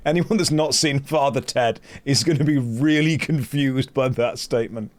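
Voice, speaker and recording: A man's voice: mid-range voice, moderate pace, few pauses. A British man hosting a gaming stream, chatting casually and telling rambling anecdotes with wry humour. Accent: British English. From Britain. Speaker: streamer host. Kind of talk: casual chat while gaming.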